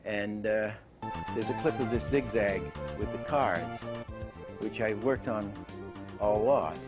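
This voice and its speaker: An older man teaching animation lectures in a lowish, slow voice over loud music. He tells anecdotes and acts out the lines he quotes.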